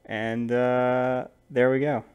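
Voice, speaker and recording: A man narrating as game master of a tabletop game, relaxed and rambling, with frequent fillers. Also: mid-range voice, slow pace, smooth.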